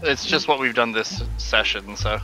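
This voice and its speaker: A man's voice: mid-range voice, moderate pace, sharp tone, soft background music, poor audio. A man playing a co-op survival game, dropping dry wisecracks at the others. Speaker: gaming co-player. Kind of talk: casual co-op gameplay banter.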